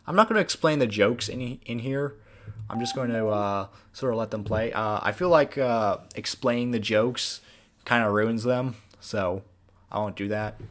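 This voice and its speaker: A man, the creator of an animated series, giving a casual, rambling director's commentary with many fillers. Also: mid-range voice, normal speed.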